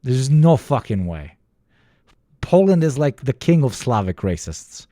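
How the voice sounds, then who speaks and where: A man's voice: medium pitch, sing-song, measured pace, dark tone, dry recording, studio quality. A young man from the former Yugoslavia giving a casual, profane, ranting reaction commentary and mimicking other people. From former Yugoslavia, Balkans. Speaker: reaction streamer.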